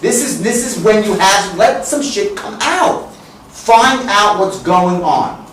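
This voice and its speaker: Profane sales trainer in an echoing room. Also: male voice, sits high, lively intonation, slow pace, slight background noise. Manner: blunt, profane, swings into loud exaggerated demonstrations. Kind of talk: live sales training talk. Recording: very echoey room, speaker far from mic.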